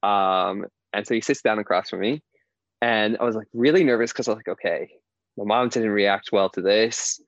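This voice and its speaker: A man's voice: on the low side, steady tone, a little fast, no echo, lo-fi sound. A young man from Indiana, a podcast guest telling a personal story in a casual, chatty way, with lots of "like" and frequent laughter. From Indiana, USA. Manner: chatty, heavy use of "like", laughs often while telling.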